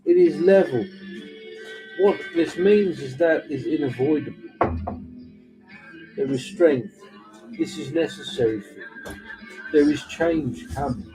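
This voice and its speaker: A man hosting a live tarot reading stream, giving measured, slow pronouncements with dry teasing asides. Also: on the high side, rough recording. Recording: music playing underneath.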